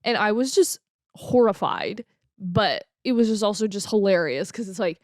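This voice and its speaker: A young woman in her twenties tells a story into a desk mic at home, chatty and giggly, with plenty of ums and uhs. Her voice sits at a middling pitch. The sound is dry and close. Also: animated, normal speed, darkish tone, dry recording. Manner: chatty and giggly, with lots of fillers. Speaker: vlogger. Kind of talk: casual storytelling.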